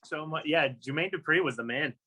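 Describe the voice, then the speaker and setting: Bright-voiced podcast co-host. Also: medium pitch, brisk, breathy edge. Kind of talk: casual chat.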